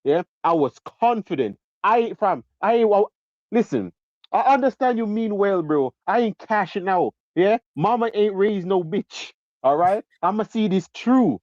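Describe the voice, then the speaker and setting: A man's voice: high voice, animated, measured pace, a little mellow, no room sound, lo-fi sound. A man calling in to a football stream and ranting about a lost bet, hammering each point with a repeated "yeah?".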